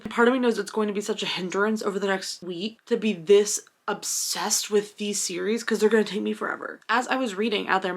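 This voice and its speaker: A woman's voice: medium pitch, gravelly. Young woman, book vlogger, gushing, self-dramatizing, casual talk at home. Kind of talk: casual reading vlog. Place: at home in her apartment.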